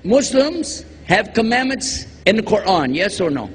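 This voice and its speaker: A man's voice: high voice, sing-song, a little slow. A man from Texas, preaching a religious lecture to a live audience, joking and quizzing the crowd. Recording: long hall reverb, faint background noise.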